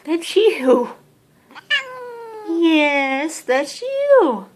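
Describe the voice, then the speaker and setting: Filming at home, a woman vlogger playfully scolds and teases her cat in baby talk. Her voice is high-pitched and very animated, and she speaks extremely slowly.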